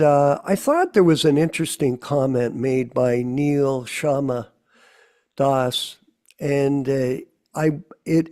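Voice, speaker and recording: Mellow-voiced male program host. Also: medium pitch. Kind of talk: live online religious program hosting.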